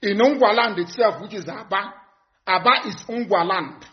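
A man with a notably high voice delivers a live broadcast address. He is stern and repetitive, pressing his warnings home and at times breaking into shouts. The audio is dull and lo-fi. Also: moderate pace. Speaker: activist broadcaster.

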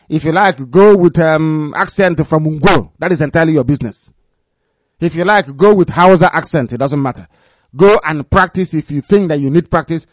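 Over a dry, dull-sounding recording, a man leads his movement through a live radio broadcast. He commands and repeats himself, and his warnings come out hushed and low.

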